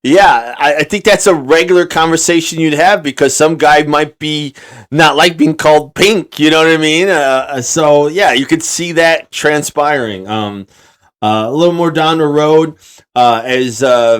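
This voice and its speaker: A man's voice: fairly high pitch, clear, resonant tone. A man co-hosting a podcast in casual chat, rambling and swearing freely, with lots of fillers and restarts. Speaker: podcast co-host.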